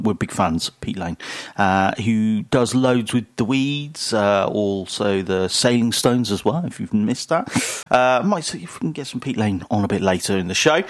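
A man's voice: mid-range voice, dry recording. A man presenting a radio show, chatting enthusiastically and rambling with many fillers between links.

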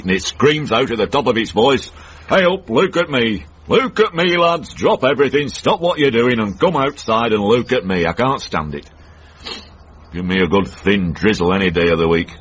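A crabby old uncle from the north of England, grumbling in a low, husky voice with a Northern English accent. It is a radio drama heard through a slightly dull broadcast recording. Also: male voice.

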